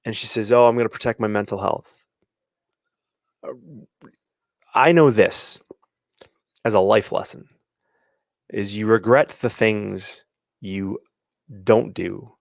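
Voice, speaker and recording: A man's voice: lowish voice, vocal fry, no echo, clean studio sound. A man hosting a sports coaching show, giving emphatic opinions with many restarts and quoted asides. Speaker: podcast host and athletic coach. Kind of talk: opinionated solo commentary.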